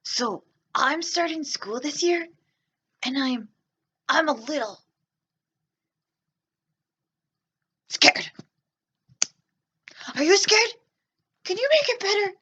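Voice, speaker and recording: A woman's voice: big pitch swings, slow, long pauses, sharp tone, exaggerated voice. A woman voicing a shy, nervous young boy who stammers and gushes, on a children's storytime show. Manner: stammering, gushing, wide pitch swings.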